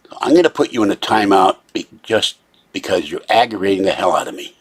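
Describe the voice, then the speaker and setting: Irritated man ranting, a bit low. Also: very animated, fast talker, breathy edge. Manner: irritated, complaining, rambling. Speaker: channel host. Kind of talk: casual live video rant. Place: room at his computer.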